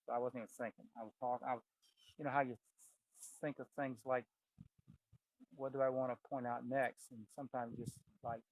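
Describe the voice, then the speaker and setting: With a mid-range voice and flat delivery, this piano teacher talks a little fast and pauses often as he names notes and thinks aloud during a casual ear-training lesson. There's no room sound, but the piano plays loudly behind him.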